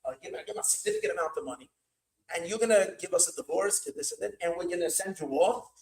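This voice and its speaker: A man's voice: high voice, expressive, fast talker, vocal fry, a little mellow, reverberant, far from the mic, poor audio. A man playing a pushy rich father-in-law. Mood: persuading. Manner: pleading then bullying, emphatic. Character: wealthy middle-aged father-in-law, pushy and hot-tempered.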